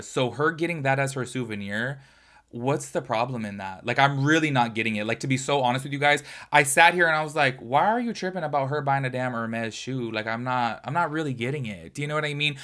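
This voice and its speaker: A man chatting in a casual commentary vlog, expressive and slangy, who swears often and keeps asking "do you know what I mean". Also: medium pitch. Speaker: commentary YouTuber.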